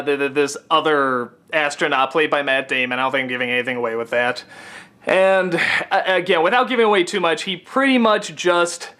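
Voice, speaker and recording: A man giving a casual, profane film review rant, stammering and sarcastic, often getting excited. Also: sits high. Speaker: film critic.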